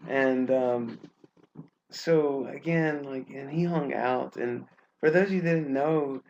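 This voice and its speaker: Storytelling in a laid-back online class, a young English teacher from Alabama, USA, comes across as friendly and chatty, leaning on many fillers. His medium-pitched voice is slow and a little mellow, with the highs cut off and a little hiss or hum.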